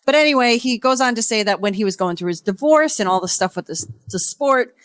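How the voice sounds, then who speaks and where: A woman's voice: on the high side, lively intonation, a bit bright, no echo. Profane, rambling woman podcast co-host. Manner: profane, rambling storytelling with quick impressions. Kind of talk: casual reality-TV recap chat.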